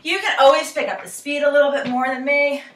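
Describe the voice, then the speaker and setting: A young woman coaches a cardio workout while doing it herself, breathing hard between cues and counting down each set. Her slightly high voice carries from a distance in an echoey room with clear noise behind. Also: fairly even intonation, fairly quick, fairly bright tone. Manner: encouraging, counting down reps. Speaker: fitness instructor. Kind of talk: workout instruction while exercising. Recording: echoey room, camera mic from far off.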